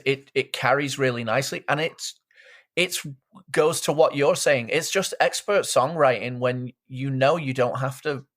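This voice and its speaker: A man chats as a podcast co-host in a relaxed, agreeable way. He often restarts his words with small stammers. His voice sits at an ordinary middle pitch. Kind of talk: casual chat.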